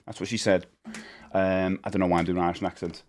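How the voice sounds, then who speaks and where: A man's voice: low-pitched, level tone, quick pace, a little hiss or hum. A man chatting casually on a live game stream, jokey and talkative as he greets his chat by name. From England.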